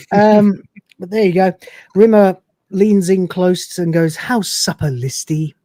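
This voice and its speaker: Give me a podcast host from the UK with a mellow voice, animatedly recapping a comedy episode. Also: medium pitch, takes it slowly, dry recording. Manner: animated storyteller, quotes dialogue with a laugh.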